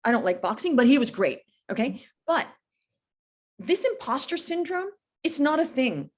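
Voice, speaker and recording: Speaking at a normal speed in a high voice with big pitch swings and a breathy edge, this middle-aged woman coaches during a relaxed podcast chat. She's emphatic and blunt, performing the dialogue in her stories.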